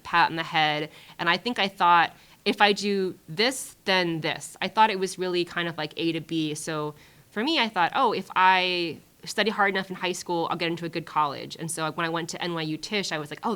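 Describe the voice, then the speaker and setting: Chatty low-voiced woman from Hawaii. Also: clean tone. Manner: lively, chatty, lots of fillers and restarts. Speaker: guest playwright and screenwriter. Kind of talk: casual conversational master class talk.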